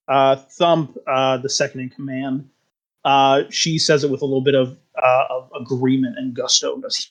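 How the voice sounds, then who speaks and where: A man's voice: medium pitch, little pitch movement, moderate pace. A man acting as game master for a tabletop game, explaining rules and describing scenes. He talks hesitantly, with plenty of fillers.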